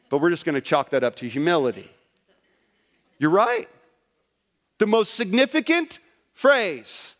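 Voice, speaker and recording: A middle-aged man preaching a sermon to a congregation, direct and animated, swinging between loud emphasis and quiet. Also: high-pitched. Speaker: pastor. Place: church sanctuary before a congregation.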